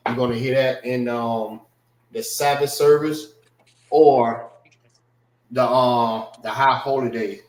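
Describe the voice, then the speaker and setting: Male class teacher, slow and unhurried, roomy echoey sound. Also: mid-range voice. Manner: slow, repetitive, checks in with listeners. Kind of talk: casual vocabulary lesson.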